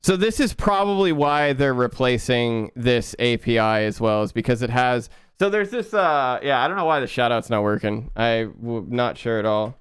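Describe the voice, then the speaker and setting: A young man chatting casually with his viewers while coding on a live stream, relaxed and quick to laugh. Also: medium pitch, clear, resonant tone, no room sound, clean studio sound. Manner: laid-back, chatty, laughs often, talks to chat.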